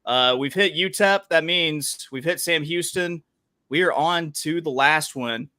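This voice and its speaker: A man's voice: on the high side, unhurried, sharp tone, no echo, studio quality. A man hosting a casual sports betting chat, talking in a chatty, playful way with frequent fillers. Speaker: podcast host.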